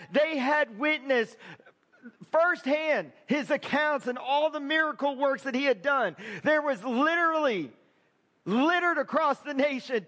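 A man preaching a sermon as a pastor, conversational with quick asides to the congregation. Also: very high voice, a bit bright, in a large hall.

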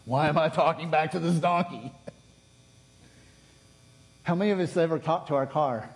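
A pastor preaching a sermon, telling a story with lively swings between loud and hushed delivery. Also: male voice, fairly high pitch, measured pace. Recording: long reverb of a large hall.

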